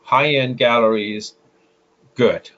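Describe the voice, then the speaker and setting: A man's voice: mid-range voice, steady tone, slow pace, a bit bright. A man with a French accent, a guest photographer giving advice in an interview, explaining with frequent filler sounds and restarts. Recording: slightly muffled lo-fi audio.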